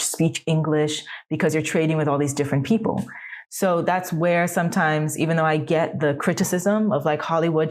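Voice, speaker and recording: A woman's voice: low voice, darkish tone. A woman co-hosting a podcast, talking through a film in a thoughtful, questioning way. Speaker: podcast co-host. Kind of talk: casual conversational film discussion.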